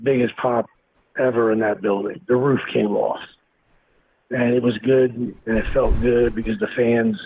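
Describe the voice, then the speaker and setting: An interview guest, male, delivers a blunt, expletive-heavy story with real animation. He has a mid-range voice and a measured pace. Sound quality is tinny and phone-like, with faint noise underneath.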